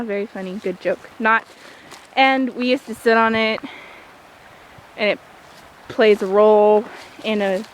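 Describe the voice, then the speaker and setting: A woman's voice: a little high, rough recording. A teenage girl vlogging as she walks through a forest outdoors, chatty and self-mocking, with jokey asides, filmed on a handheld device. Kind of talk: walking tour vlog. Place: small forest by a creek, outdoors on a windy day. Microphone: handheld iPod camera. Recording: wind noise and a rushing creek.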